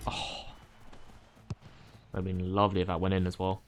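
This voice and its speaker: A man's voice: deep voice, completely flat delivery, moderate pace, a little hiss or hum. A man from Ireland streaming a game, chatting casually and a bit groggily, rambling with fillers and restarts. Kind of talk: casual chat while playing a game.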